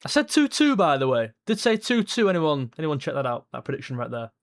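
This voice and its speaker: A man hosting a live football watchalong, reacting to the match with excitable, blunt comments and swearing at the players. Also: mid-range voice, fast. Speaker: fan watchalong host.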